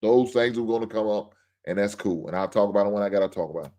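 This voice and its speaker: A man's voice: lowish voice, quick pace, warm tone. A middle-aged man hosting a show, in a blunt, joking, ranting monologue. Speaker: podcast host. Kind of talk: casual monologue.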